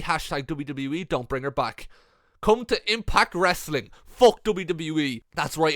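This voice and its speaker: A young man reading out viewer comments with sarcastic, mocking, deadpan commentary for a comedy video. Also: fairly high pitch, no echo, studio quality. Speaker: YouTube commentator.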